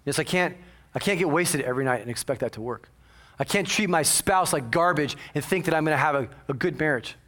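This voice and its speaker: A male senior pastor preaching a sermon in church, animated, swinging between quiet asides and loud exclamations and acting out his congregation's voices. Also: on the high side, a little fast. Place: church sanctuary.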